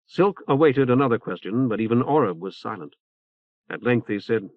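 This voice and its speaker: A man narrating an audiobook in an even, unhurried manner. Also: medium pitch, dry recording. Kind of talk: audiobook reading. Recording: tinny phone-like cassette recording.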